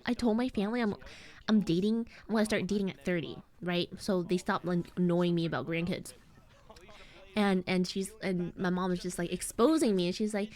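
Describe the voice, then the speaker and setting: A woman in her twenties, a streamer chatting casually and rambling through a story while acting out her family's lines. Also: medium pitch. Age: 20s. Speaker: VTuber streamer.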